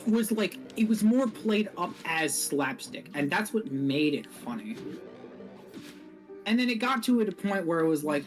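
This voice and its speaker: A man hosting a game stream in casual chat, animated, swearing constantly and laughing through his lines. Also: on the high side, normal speed, pauses often, faint music behind. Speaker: streamer and host.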